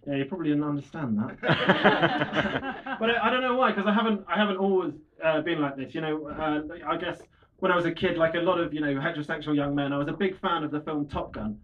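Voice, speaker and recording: A shy stand-up comedian with a fairly high voice works through his routine on a small comedy bar stage, hesitant and self-deprecating, restarting his lines haltingly. The lo-fi club recording carries audience laughter and background noise.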